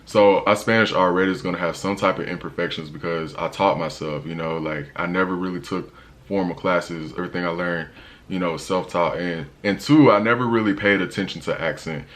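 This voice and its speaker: A man's voice: low voice, a little fast, a bit bright. An American man, a young adult, talking casually to camera in a travel vlog, slangy and emphatic. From United States. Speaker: travel vlogger.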